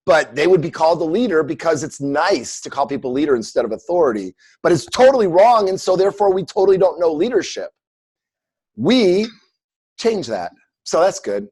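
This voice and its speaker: Casting note: middle-aged man, coaching teacher, fairly high voice, loose and jokey, lots of ums and restarts. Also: sing-song, normal speed, a little mellow, breathy edge. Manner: rambling, jokey, self-mocking, many fillers. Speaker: coaching instructor. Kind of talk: casual teaching on a group call.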